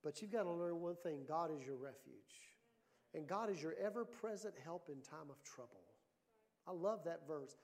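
High-voiced animated preacher man. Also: moderate pace. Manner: animated storytelling preacher, rising to loud emphasis. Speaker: pastor. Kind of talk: sermon.

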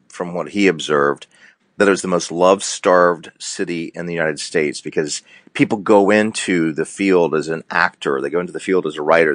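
A middle-aged man, a counselor, talking earnestly in a preacher-like way, slowing down and speeding up for emphasis. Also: deep voice, dry recording, clean studio sound. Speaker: counselor, show guest. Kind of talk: casual faith-based talk.

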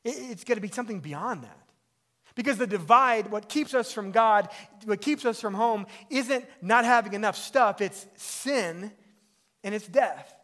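A man's voice: high-pitched, expressive, a little slow, bright, forceful tone. A middle-aged man, a pastor, preaching a sermon in a conversational way that rises to emphatic peaks.

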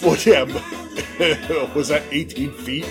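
A man's voice: on the high side, slow, music in the background. A man co-hosting a casual comedy podcast, teasing dryly and laughing a lot. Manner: dry teasing, frequent laughter. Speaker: podcast co-host.

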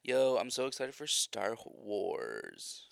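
Gravelly young man. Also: fairly low pitch, huge pitch swings, slow pace, no echo, studio quality. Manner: playful, teasing. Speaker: podcast co-host. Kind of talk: casual chat.

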